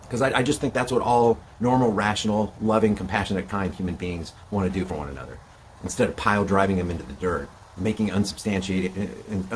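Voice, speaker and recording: Low-voiced man talking fast and earnestly. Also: slight background noise. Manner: earnest, self-justifying. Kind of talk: monologue to camera in a played clip.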